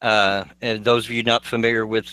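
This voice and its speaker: A man's voice: on the low side, flat delivery, fairly quick, pushed and bright, smooth, dry recording. A man with a Southern American accent, hosting a casual live stream chat and explaining things in a laid-back way.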